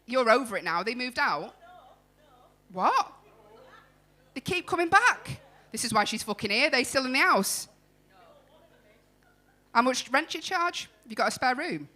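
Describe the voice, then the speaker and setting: A woman's voice: high voice, sing-song, measured pace, long pauses, bright, forceful tone. A woman compering a comedy club night, teasing the audience bluntly and introducing acts into a handheld mic. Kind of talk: crowd work and introducing acts.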